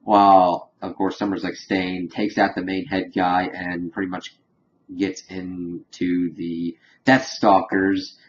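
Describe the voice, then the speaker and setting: A man casually recapping a cartoon episode in a rambling way, full of fillers and quick acted quotes. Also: sits low, little pitch movement. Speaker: reviewer. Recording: dull lo-fi home recording with faint hiss.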